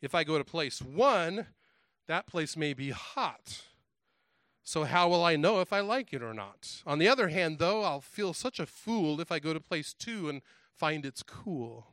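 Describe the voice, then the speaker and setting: A man's voice: a little high, animated, a little slow, a bit bright, no room sound. A man reading a rhyming children's story aloud, giving voice to an indecisive, foolish storybook creature. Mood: fretful.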